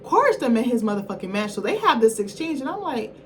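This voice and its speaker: A woman's voice: a little high, big pitch swings, fast, faint music behind. A woman reviewer giving a casual film recap in a rambling, slangy, profane way, often correcting herself mid-thought.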